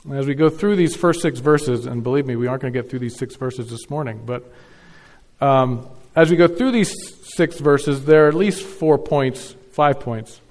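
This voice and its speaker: A pastor giving a Sunday morning sermon, stressing key words with repetition and swinging between loud and soft delivery. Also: male voice, mid-range voice, moderate pace, big-room sound. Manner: emphatic, repeats key words, varies loudness widely.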